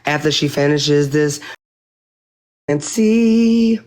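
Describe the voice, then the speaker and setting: A woman casually retelling a story in a rambling, halting way. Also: medium pitch. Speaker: vlogger.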